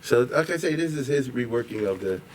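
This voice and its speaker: A rabbi explaining a liturgical poem to a class in a conversational way, with frequent asides and chuckles. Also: male voice, medium pitch, expressive, a little fast. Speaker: rabbi and teacher. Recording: distant mic with faint background noise.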